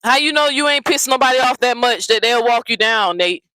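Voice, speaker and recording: A woman's voice: a little high, animated, brisk, pushed and bright, no echo, rough recording. A woman hosting a commentary channel, ranting bluntly and profanely, often repeating herself. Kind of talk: heated casual commentary rant.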